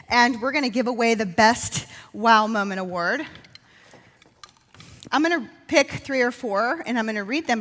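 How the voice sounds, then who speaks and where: A woman emcee at a live business event, bubbly and effusive as she speaks to the audience. Her voice sits a little high. The sound carries a long reverb from a large hall. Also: a bit bright. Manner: bubbly, effusive, talks to the crowd.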